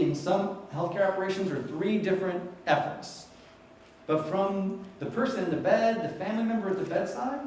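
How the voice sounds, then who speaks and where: A man from New York delivers a keynote talk as an animated storyteller who keeps putting questions to the audience. His voice sits a little high for a man. It rings through a very echoey hall, picked up from some distance with a faint hiss behind it. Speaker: conference speaker.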